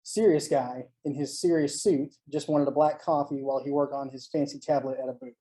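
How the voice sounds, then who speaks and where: An author giving a live online reading of a first-person short story, in a steady, measured storytelling manner. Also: medium pitch, rough recording. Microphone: home mic on a live online stream.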